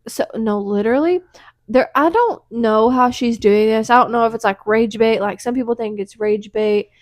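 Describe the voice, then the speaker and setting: A woman co-hosting a casual chat podcast, relaxed and supportive, with frequent backchannel replies. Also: on the high side, normal speed, no echo. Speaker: podcast co-host.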